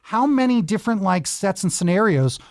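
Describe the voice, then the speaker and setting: A male talk show host who chats with young guests and cheers them on with life advice. His pitch swings around animatedly as he talks. The sound is close and dry. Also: big pitch swings, moderate pace, dry recording. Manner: encouraging, enthusiastic, gives advice. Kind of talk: upbeat interview with kids.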